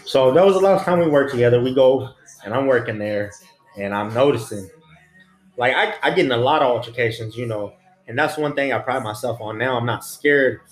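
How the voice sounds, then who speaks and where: Talking fairly quickly in a mid-range voice, a man who used to be a prison officer recounts a story in blunt, swear-laden street slang, against a roomy echo and faint music.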